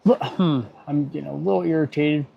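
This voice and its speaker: Middle-aged mechanic guy on a livestream, gravelly voice, mutters and grumbles, kinda muffled lo-fi sound. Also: fairly high pitch, fairly even intonation, fairly quick. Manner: muttering, easily irritated, joking. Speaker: automotive technician. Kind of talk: livestream chat while working. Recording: dull lo-fi stream audio.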